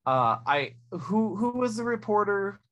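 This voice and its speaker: A man's voice: high-pitched, big pitch swings, a little slow, highs cut off. A man co-hosting a podcast in casual chat, blunt and emphatic, often opening his points with "listen.". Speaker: podcast co-host.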